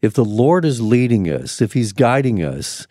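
A man's voice: mid-range voice, sing-song, moderate pace, mellow, dry recording. A man hosting a morning radio show, reflecting in an encouraging way to close a segment.

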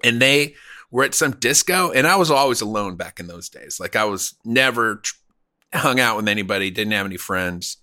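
Bright-voiced man telling a rambling story. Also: fairly low pitch, animated, moderate pace. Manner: rambling, laughing, crude. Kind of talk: casual storytelling.

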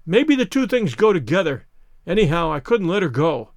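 A man reading the lines of a passionate, lovesick gentleman, earnest and heated. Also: fairly high pitch, very animated, normal speed, no room sound, studio quality. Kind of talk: audiobook character reading.

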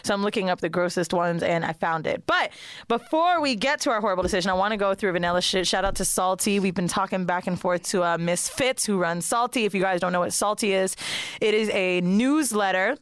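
Animated, profane young woman telling stories. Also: mid-range voice, a little fast, smooth, dry recording, clean studio sound. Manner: animated storyteller, profane, laughs often, mimics people she talks about. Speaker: podcast co-host. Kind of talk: casual chat.

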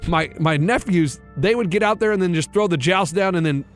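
A man's voice: high voice, brisk, faint music behind. A man in his thirties, a radio show co-host, telling a rambling story and acting out the voices in it. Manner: rambling animated storytelling, acts out quotes. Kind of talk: casual chat, storytelling.

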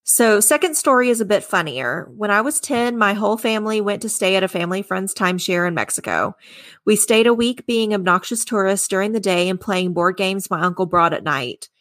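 A woman's voice: medium pitch, brisk, a bit bright, no room sound. A woman co-hosting a casual podcast, reading listener stories and chatting, laughing often and swearing casually. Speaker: podcast co-host.

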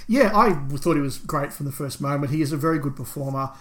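A man's voice: fairly high pitch, fast, fairly bright tone. A man co-hosting a fan podcast, talking enthusiastically and in detail in casual discussion. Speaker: podcast co-host.

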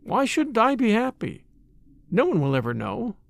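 A man's voice: high voice, huge pitch swings, moderate pace, gravelly, no echo, voice pushed up, full character voice. A man reading aloud, voicing a wealthy, spoiled young woman who is restless and distressed and talks in an eager, pleading way.

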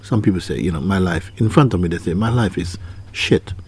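Speaking low and a little quickly, this man has a husky, somewhat mellow voice. As a teacher on a spiritual theme, he keeps asking searching questions, circles back to the same phrases, and performs the words of those he quotes.

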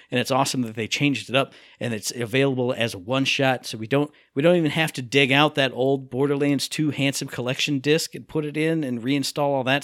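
A man's voice: mid-range voice, a bit bright, no echo, studio quality. A man from Michigan co-hosting a podcast, chatting casually with playful, mock-outraged teasing. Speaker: podcast co-host. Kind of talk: casual chat.

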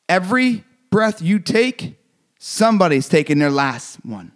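High-pitched guy preaching motivation, intense and repetitive, drops f-bombs. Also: sing-song, measured pace. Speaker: motivational speaker. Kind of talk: motivational speech.

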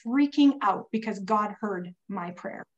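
A woman's voice: mid-range voice, expressive, measured pace, muffled recording, slight background noise. A woman recovering from pneumonia, telling a personal faith story in casual, earnest speech full of fillers. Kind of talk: casual testimony.

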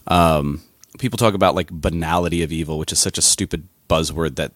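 A man's voice: deep voice, dry recording, clean studio sound. A man co-hosting a political podcast, talking with passion and often restarting his sentences. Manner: impassioned, with frequent restarts and fillers. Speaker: podcast co-host.

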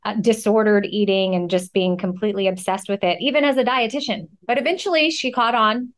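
A woman's voice: mid-range voice, a little fast. A woman hosting a podcast, introducing her guest and asking questions with friendly enthusiasm. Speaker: podcast host. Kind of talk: podcast interview.

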